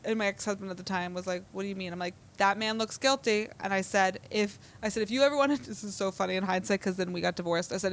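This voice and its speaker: Female comic co-host, 30s, mid pitch, wry chatty storyteller, laughs a lot. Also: fast, few pauses. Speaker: podcast co-host, comedian. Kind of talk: casual chat.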